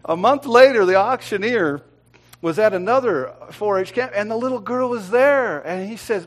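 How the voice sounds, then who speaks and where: A middle-aged man preaching a sermon, swinging between loud, emphatic lines and quiet, hushed ones. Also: high voice, expressive, moderate pace.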